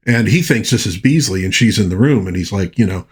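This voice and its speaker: Husky-voiced man chatting about a movie. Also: fairly low pitch, a little fast. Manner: chatty, animated, lots of you-knows and restarts. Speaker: movie reviewer. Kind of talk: casual retelling of a film plot.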